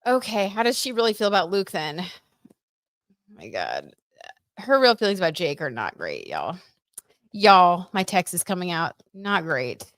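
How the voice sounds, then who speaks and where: A young woman with a fairly low, fairly bright voice and big pitch swings hosts a tarot livestream at normal speed, chatting casually, reading out viewer comments and gushing over the cards with many "like"s and "oh my God"s. The studio-quality audio has no room sound.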